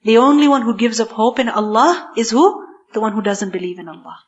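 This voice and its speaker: A woman giving a scripture lecture, emphatic, asking herself rhetorical questions and reciting Arabic verses quickly. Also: on the high side, animated, dull audio. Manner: emphatic, asks rhetorical questions then answers them. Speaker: Quran teacher. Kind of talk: tafsir lecture.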